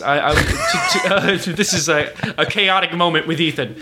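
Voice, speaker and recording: A man's voice: a little high, moderate pace, hardly any pauses, very noisy. A man co-hosting a podcast, telling rambling, profane stories in casual chat. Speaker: podcast co-host.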